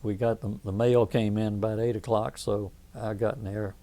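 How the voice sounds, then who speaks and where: Speaking at normal speed with little pitch movement, this veteran's voice is warm and on the low side. He's in his eighties, has a Southern US accent, and rambles through stories in an oral history interview, frequently restarting.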